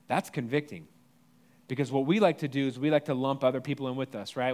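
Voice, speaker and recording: A pastor in his thirties delivering a sermon in a conversational, animated way, with asides to the congregation. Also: on the high side, fast talker.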